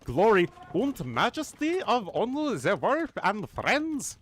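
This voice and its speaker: A man putting on a deliberately bad German accent as a grandiose, theatrical male announcer. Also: high-pitched, huge pitch swings, fairly bright tone, slight background noise, pitched above the performer's own voice, exaggerated voice. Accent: put-on bad German accent.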